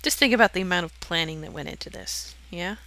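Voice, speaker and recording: A young woman chats her way through a game build, giggling and poking fun at herself as she goes. Her voice is bright and a little tense, with a gravelly fry that creeps in at the ends of her phrases. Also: on the low side, fast talker. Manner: giggly, self-deprecating, chatty. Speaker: channel host touring her build. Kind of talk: casual game walkthrough commentary.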